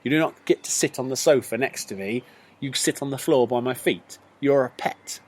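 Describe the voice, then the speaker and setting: A man's voice: mid-range voice, moderate pace, a little mellow. Jokey northern English man bantering. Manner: laughing, jokey storytelling. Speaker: podcast co-host. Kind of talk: casual banter. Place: back garden.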